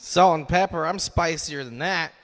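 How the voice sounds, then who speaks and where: A man in his twenties doing a loose, swearing stand-up set on a comedy club stage, shouting in the bits. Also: fairly high pitch, normal speed. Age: 20s. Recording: live stage mic in long hall reverb.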